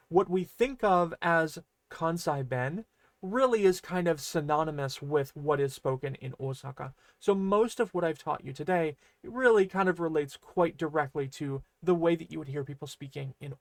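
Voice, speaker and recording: A woman's voice: deep voice, lively intonation, normal speed, dry recording. A woman language teacher giving a casual video lesson, explaining in a chatty, loose way with fillers.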